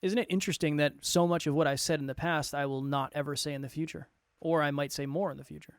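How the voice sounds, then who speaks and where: Playful upbeat podcast man, slightly high voice. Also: steady tone, quick pace, clean tone, no room sound, studio quality. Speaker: podcast co-host and coach. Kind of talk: motivational podcast talk.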